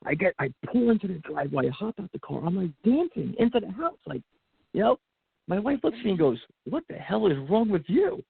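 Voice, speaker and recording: A man guest on a podcast telling an emotional personal story, animated and acting out what people said, with many fillers and restarts. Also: high-pitched, fast, vocal fry, slightly rough, no room sound. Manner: animated, acts out quotes, frequent fillers and restarts. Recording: phone-like narrow band audio.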